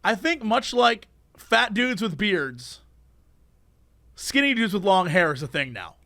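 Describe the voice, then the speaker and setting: Male podcast co-host, high bright voice, animated ranting storyteller. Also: measured pace, no room sound, studio quality. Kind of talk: casual chat.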